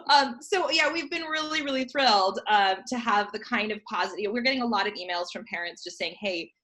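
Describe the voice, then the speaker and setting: A woman's voice: a little high, fairly quick, bright, forceful tone. A woman in her thirties from a children's theater company, chatting animatedly in an interview and laughing often. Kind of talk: casual remote interview chat.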